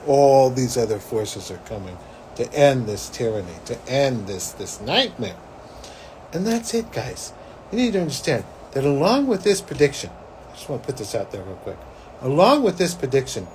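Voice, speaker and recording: Animated rambling man with a lively voice. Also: medium pitch, a little hiss or hum, low-quality recording. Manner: rambling, animated, full of "like" and "you know". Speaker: psychic host. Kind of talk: casual storytelling monologue.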